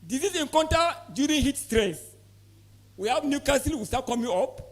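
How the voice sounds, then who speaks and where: A man's voice: very high voice, lively intonation, moderate pace. A man with a Nigerian English accent giving an emphatic conference talk to poultry farmers, often quizzing the audience with repeated questions. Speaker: poultry expert presenter. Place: conference hall.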